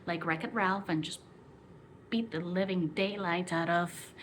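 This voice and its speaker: Slow, low-voiced passionate woman vlogger. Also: darkish tone, slight background noise. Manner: passionate, rambling, drops into near whispers. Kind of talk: casual monologue retelling a story.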